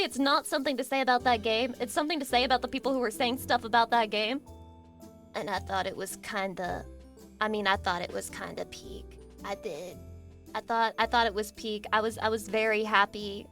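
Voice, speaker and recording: A young adult woman, a VTuber streamer, chatting casually with her chat in an excitable, crude, self-mocking way. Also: a little high, fairly quick, faint music behind.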